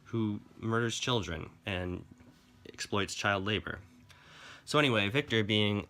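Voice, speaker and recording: A man's voice: low-pitched, sharp tone. A man giving a casual, profane comic book review, exasperated and sarcastic as he rants.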